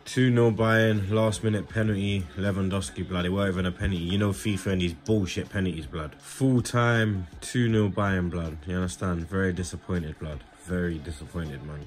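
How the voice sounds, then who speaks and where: A young man giving slangy, excitable running commentary on a football video game. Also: deep voice, normal speed, few pauses. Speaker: gaming YouTuber. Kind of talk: casual gaming commentary.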